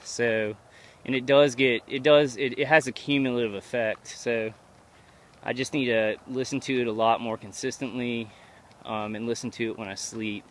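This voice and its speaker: Halting man vlogging on a night walk. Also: medium pitch, steady tone, slight background noise. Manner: rambling, halting, many restarts. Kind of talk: casual walking vlog monologue. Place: outdoors at night, walking. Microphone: handheld camera.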